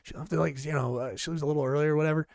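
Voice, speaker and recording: A man's voice: fairly high pitch, fairly even intonation, racing, vocal fry, a little mellow, no echo. A man co-hosting a podcast, telling stories in a rambling, profane way with many fillers. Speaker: podcast co-host. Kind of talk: casual podcast chat. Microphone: studio podcast mic.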